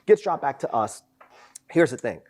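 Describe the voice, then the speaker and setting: A young man and podcast host telling boot camp stories in casual chat, animated and profane, acting out the voices of people in his stories. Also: medium pitch, moderate pace.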